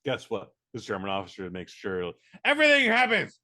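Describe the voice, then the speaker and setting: A man co-hosting a podcast, reviewing a film in casual chat, animated and profane, acting out quotes. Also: lowish voice, brisk.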